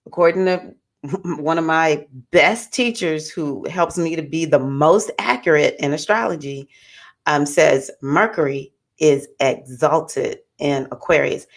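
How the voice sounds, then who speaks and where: Low-voiced woman in her fifties. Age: 50s. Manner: gentle, encouraging, reflective, with soft laughs. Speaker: host of a spiritual livestream. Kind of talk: casual spiritual chat.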